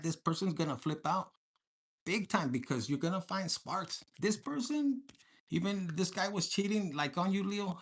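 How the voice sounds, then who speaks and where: A tarot reader giving a casual collective reading, blunt and profane, animated, slipping Spanish words into the talk. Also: medium pitch, breathy edge.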